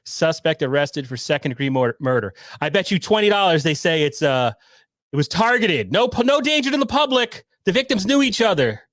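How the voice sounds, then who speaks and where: A man's voice: on the high side, sing-song, brisk, fairly bright tone, dry recording, clean studio sound. A man hosting a podcast livestream, reacting to a news clip and rambling sarcastically. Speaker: podcast host. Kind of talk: casual livestream commentary.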